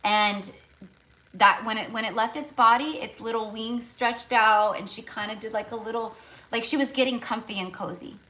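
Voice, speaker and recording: A woman's voice: a little high, moderate pace, bright, forceful tone. A woman tarot reader talking casually on a live stream, rambling and emotional, with lots of fillers.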